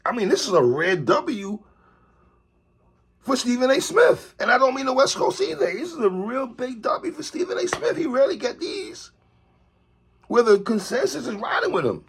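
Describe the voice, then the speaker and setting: A man delivering an animated opinion commentary monologue, calling out a TV host and repeatedly tacking on "sister, respectfully.". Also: very high voice, normal speed, background noise. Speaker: commentary vlogger.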